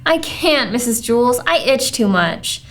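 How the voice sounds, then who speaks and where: A woman's voice: big pitch swings, moderate pace. A woman doing a whiny itchy schoolgirl. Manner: whining, complaining, higher than narration.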